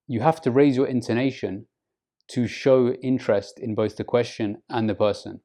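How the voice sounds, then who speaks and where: A man giving an English lesson to camera, speaking slowly and deliberately and acting out example phrases with exaggerated rises and falls in pitch. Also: fairly even intonation, mellow. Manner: slow, deliberate teaching, models phrases with exaggerated intonation. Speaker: English teacher.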